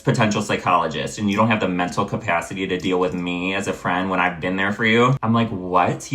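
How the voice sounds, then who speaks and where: A young man ranting through a storytime vlog, blunt and exasperated, with plenty of swearing. His voice sits on the low side yet comes across tense and bright. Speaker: vlogger.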